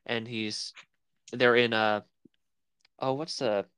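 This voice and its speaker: A man's voice: mid-range voice, fairly even intonation, slow, a bit bright, clear, resonant tone, no echo. Man rambling about films on a dry mic. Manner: rambling, searching for words. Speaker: podcast co-host. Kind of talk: casual chat about film.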